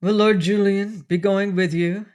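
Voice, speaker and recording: A woman's voice: mid-range voice, steady tone, a little slow, a little mellow, close to an everyday voice. A woman reading an audiobook, voicing an earnest, lovesick pirate captain who pleads.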